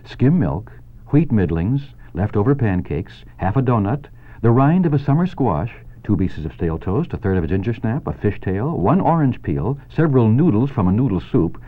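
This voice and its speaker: A man reading a children's book aloud in an expressive way, over a tinny phone-like line. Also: low voice. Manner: expressive, wide-ranging reading. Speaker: guest reader.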